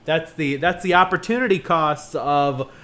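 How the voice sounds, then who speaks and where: A man chatting casually as a podcast co-host, joking and animated, jumping up in pitch for emphasis. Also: moderate pace. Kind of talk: casual chat.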